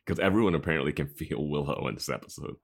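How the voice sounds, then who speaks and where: A man's voice: very deep voice, fast, creaky. A man co-hosting a podcast, chatting casually, laughing easily and asking questions about an episode. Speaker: podcast co-host. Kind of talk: casual chat.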